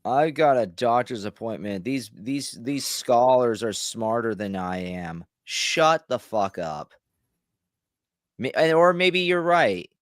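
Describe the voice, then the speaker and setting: A man's voice: fairly low pitch, no room sound, studio quality. A man streaming a reaction, ranting casually, stumbling over restarts and swearing freely.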